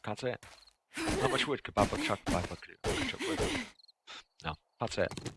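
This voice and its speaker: A man's voice: medium pitch, huge pitch swings, moderate pace, long pauses, a bit bright, slightly rough. A man streaming a game, rambling goofily and stumbling through tongue twisters. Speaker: gaming streamer. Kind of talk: playful live-stream chatter.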